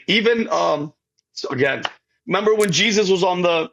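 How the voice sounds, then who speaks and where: A man's voice: sits high, expressive, moderate pace, vocal fry, fairly bright tone, rough recording. A man on a podcast telling his faith story with feeling. He rambles and stammers through restarts and keeps calling the host by name. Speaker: podcast guest. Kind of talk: emotional faith testimony in casual talk.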